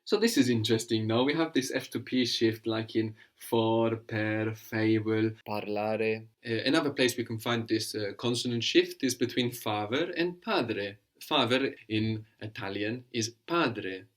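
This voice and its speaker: A man's voice: on the low side, unhurried, few pauses. A man teaching a language lesson, patiently explaining words and prompting his student to translate.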